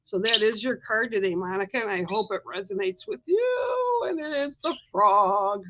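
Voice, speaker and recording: A woman giving a livestreamed oracle card reading with a gentle, reassuring manner, coughing now and then. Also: fairly high pitch, lively intonation, moderate pace, highs cut off, very noisy. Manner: gentle, reassuring, coaxing with "right?" and "okay?". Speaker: spiritual card reader.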